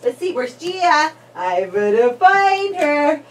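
A woman's voice: high-pitched, very animated, slow. A woman playing with a toddler in sing-song baby talk, coaxing and squealing calls. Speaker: family member playing with a toddler. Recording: distant, noisy home video.

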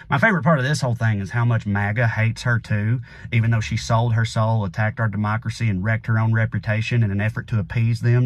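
Sardonic comedian, dry close sound. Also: male voice, mid-range voice, no echo. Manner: sardonic, folksy, punchy delivery. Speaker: comedian host. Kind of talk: comedic political monologue.

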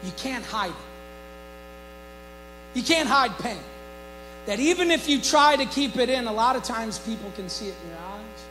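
High voiced guy preaching, goes quiet then shouts, low hum in the church. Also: animated, normal speed, long pauses, rough recording. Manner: preaching with dramatic swings from soft to shouted. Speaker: pastor. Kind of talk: sermon.

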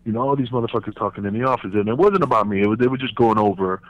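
New man, forties, animated foul-mouthed storyteller, slightly dull podcast sound. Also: fairly low pitch, rapid-fire, no echo. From New York. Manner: profane, animated, acts out voices in anecdotes. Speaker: wrestling podcast guest. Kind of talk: casual storytelling. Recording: slightly muffled podcast audio.

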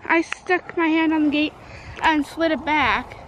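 A woman's voice: high-pitched, fairly even intonation, a little slow, fairly bright tone, slight background noise, rough recording. A woman chatting offhandedly at a horse barn during a vlog. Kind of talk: casual chat.

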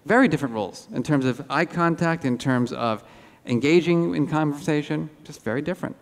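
A man giving a lively conference keynote, telling animated self-deprecating stories on stage. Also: fairly high pitch, brisk, gravelly. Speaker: keynote speaker. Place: large auditorium. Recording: hall reverb.

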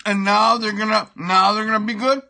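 A man's voice: high-pitched, fairly even intonation, fairly quick, creaky, pushed and bright. A middle-aged man, hosting a comic sports show and ranting with lots of swearing while he eats. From Toronto, Canada. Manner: profane, ranting, repeats himself; talks while eating pie. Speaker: show host.

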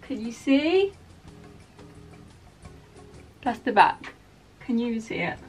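A woman's voice: fairly high pitch, big pitch swings, moderate pace, soft background music. A young woman, chatting frankly to camera in a casual vlog. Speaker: beauty vlogger.

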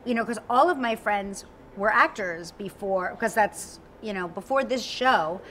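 A middle-aged woman co-hosting a morning talk show, chatting in a lively, animated way, laughing and acting out quotes. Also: medium pitch, unhurried, slight background noise. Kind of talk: lively casual chat. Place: TV studio.

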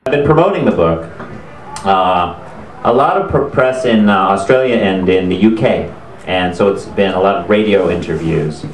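A man's voice: low-pitched, lively intonation, moderate pace, slight background noise. A man, an author, telling an anecdote to a live audience in a chatty, amused way, laughing as he goes. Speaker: author promoting his book. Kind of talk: storytelling talk to a live audience. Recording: roomy hall sound.

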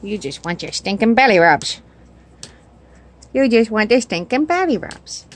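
A woman's voice: medium pitch, very animated, unhurried, slight background noise. A woman at home filming her cat on a phone, talking baby talk in coaxing, sing-song questions. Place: home indoors. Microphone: phone camera.

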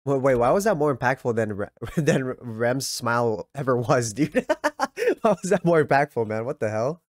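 A young man giving casual, excitable reaction commentary, laughing often and reading lines aloud in a slangy way. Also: mid-range voice, normal speed, dry recording, clean studio sound. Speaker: anime reaction youtuber.

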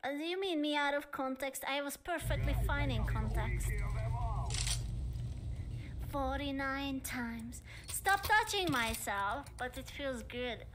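A young woman live-streaming, chatting casually with viewers in a cheeky, playful, excitable way. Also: sits high, takes it slowly. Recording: loud background noise.

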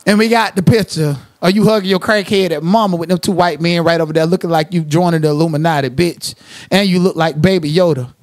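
A man's voice: a little high, steady tone, fast. A man hosting a livestream commentary rant, profane and confrontational, who sometimes slips into sing-song asides. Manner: profane, confrontational, trash-talking. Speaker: commentary channel host.

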